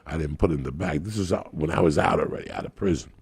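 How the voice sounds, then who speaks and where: Man, very low voice, heavy gravel and rasp, profane rambling storyteller, podcast guest. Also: quick pace, dry recording. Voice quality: gravelly raspy. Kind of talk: crude comic storytelling.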